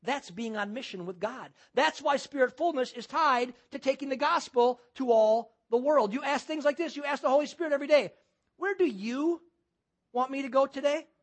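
A man's voice: extremely high pitch, a little fast, few pauses. A man preaching a sermon as pastor, using repetition and rhetorical questions.

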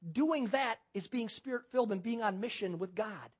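A man's voice: high voice, moderate pace, slightly rough. A man preaching a sermon as pastor, using repetition and rhetorical questions.

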